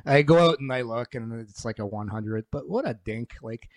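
A man's voice: mid-range voice, normal speed, no echo. A man, a former hockey player who now does broadcasts, telling rambling stories in a casual sports chat. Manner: rambling anecdotes with restarts.

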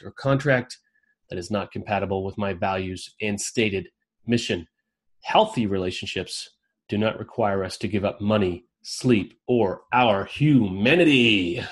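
Upbeat male host, video call, energetic and chatty. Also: fairly low pitch, husky. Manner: energetic, upbeat, calls on people by name. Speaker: host of an online roundtable. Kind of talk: casual group video call chat.

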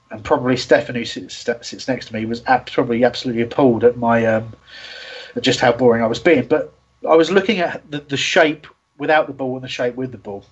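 A male host talks football in a rambling, self-deprecating way, full of ums and restarts. His voice is husky and mid-pitched, and the recording sounds dull and lo-fi. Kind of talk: casual football talk show.

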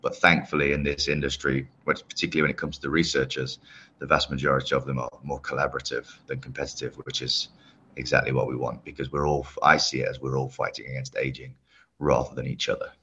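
A man's voice: extremely low pitch, level tone, fast, bright, forceful tone, slight background noise. A man from the UK as a podcast guest, explaining his work with enthusiasm. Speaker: guest, longevity company head. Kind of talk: podcast interview. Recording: dull lo-fi sound.

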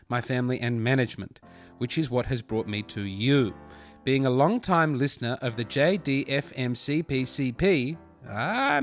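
A man hosting a comedy podcast, reading a listener's letter aloud and breaking off with wry asides. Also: mid-range voice. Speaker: podcast host.

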